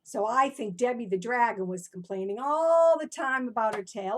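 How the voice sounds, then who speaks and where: A woman reading her own animal rhymes to young children, animated and encouraging, often stopping to ask the listener questions. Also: on the high side, moderate pace. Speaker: children's storyteller. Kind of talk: interactive storytelling for children.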